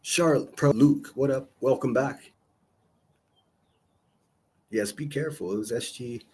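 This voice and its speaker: Streamer host, husky voice, profane and combative, mocking tone. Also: male voice, medium pitch, a little slow, darkish tone. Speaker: livestream call-in host. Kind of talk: ranting livestream chat.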